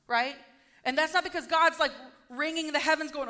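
A woman with a high voice preaches a casual sermon at normal speed. She retells a story and acts out what each speaker says in a lively, conversational manner.

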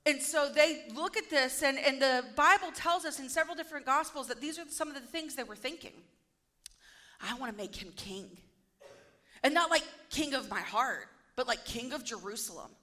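High, bright-voiced woman preaching. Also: a little fast, few pauses. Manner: lively storytelling, acting out quoted lines. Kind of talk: sermon.

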